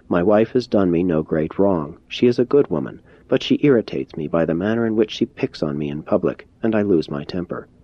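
A man's voice: low voice, lively intonation, brisk, few pauses. A man reading the lines of a hot-tempered adult husband who speaks in a hesitant, apologetic manner. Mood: contrite. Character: irate adult husband, flustered and then contrite. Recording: dull lo-fi recording.

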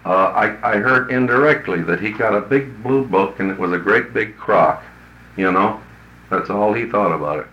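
A man's voice: fairly low pitch, normal speed, sharp tone. A man who works as a business consultant tells a story to an audience in a folksy, blunt, colloquial way. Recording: roomy, dull lo-fi recording.

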